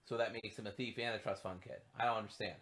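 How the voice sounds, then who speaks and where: A man's voice: lowish voice, fairly even intonation, fast, fairly bright tone, echoey room, slight background noise. A man giving casual gameplay commentary as a streamer, joking and teasing.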